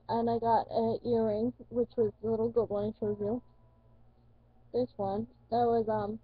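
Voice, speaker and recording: A woman's voice: a little high, husky, dry recording. A teenage woman vlogging in casual chat, rambling, correcting herself and swearing casually. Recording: dull lo-fi dry recording.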